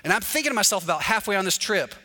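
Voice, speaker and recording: A man's voice: high voice, racing. A man, a pastor, telling a humorous personal story in a sermon and acting out the dialogue. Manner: animated, acts out dialogue with humor. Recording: long reverb of a large hall.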